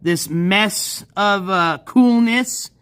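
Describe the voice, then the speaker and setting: A man's voice: sits high, drawn-out words, a bit bright, clear, resonant tone, no echo. A man hosting a casual livestream outdoors by a backyard pool at night on a handheld phone, talking in a laid-back, rambling way with frequent chuckles. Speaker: livestream host.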